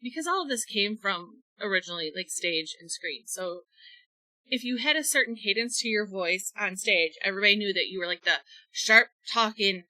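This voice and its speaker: A woman co-hosts a podcast and explains things in animated, casual chat. Her voice is bright and a little tense, at an ordinary pitch. The sound is dry and close. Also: moderate pace, no room sound, poor audio. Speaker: podcast co-host.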